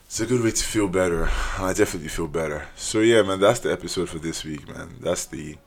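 Low gravelly young man hosting a podcast. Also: quick pace. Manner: casual, earnest, says "man" often, trails off and restarts. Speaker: podcast host. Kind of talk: solo podcast monologue.

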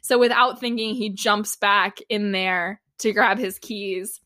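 A woman's voice: mid-range voice, steady tone, slow, sharp tone. A woman co-hosting a podcast, recapping a TV episode in casual chat and laughing often. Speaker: podcast co-host.

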